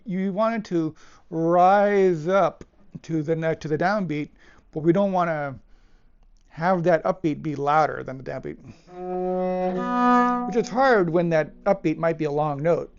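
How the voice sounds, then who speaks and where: A man teaching a piece of music, talking it through thoughtfully with pauses and restarts as he demonstrates it. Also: on the high side, a little mellow. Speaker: cellist teacher. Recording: dull lo-fi with cello playing. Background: cello phrases between remarks.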